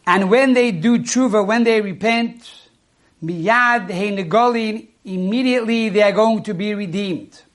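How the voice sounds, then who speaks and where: Man, rabbi, sermon, high voice, measured teaching, rhetorical questions.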